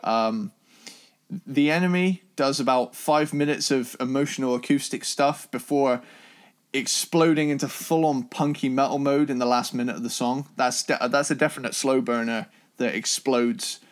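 A man's voice: mid-range voice, normal speed. A man co-hosting a casual music review chat, enthusiastic and rambling, with restarts and the odd swear. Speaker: podcast co-host.

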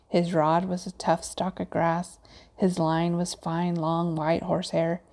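A woman reads a children's storybook aloud with gentle, measured pacing. Her voice sits low with a gravelly edge, and its tone is warm and mellow.

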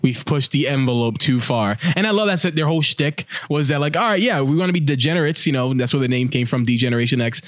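A man co-hosting a casual podcast chat, telling stories excitedly, swearing freely and acting out quotes. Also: medium pitch, quick pace, few pauses, dry recording. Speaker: podcast co-host.

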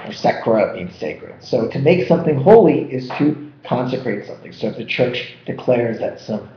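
Male vocabulary teacher, animated and jokey, roomy dull recording. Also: lowish voice. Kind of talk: energetic vocabulary lesson.

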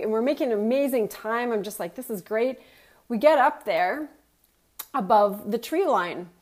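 Middle-aged woman speaker, fairly high voice, lively story telling, acts out her thoughts. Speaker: motivational speaker. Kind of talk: personal story told to an audience.

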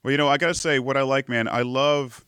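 A man's voice: medium pitch, steady tone, fast talker, pushed and bright, smooth, no room sound. A man hosting a live podcast, chatting casually with lots of fillers and laughs. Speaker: podcast host. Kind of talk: casual livestream chat.

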